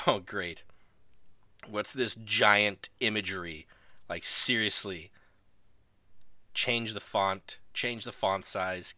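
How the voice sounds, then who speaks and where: A man's voice: mid-range voice, expressive, unhurried, sharp tone, no echo. A man hosting a live stream, casually commentating a video wrestling show, rambling and laughing as he goes.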